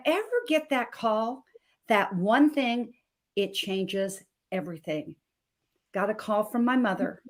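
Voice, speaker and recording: Fervent storytelling woman, higher voice. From Montana. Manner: fervent, dramatic, shifts from hushed to emphatic. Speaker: guest health coach. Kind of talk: emotional personal storytelling. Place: video call.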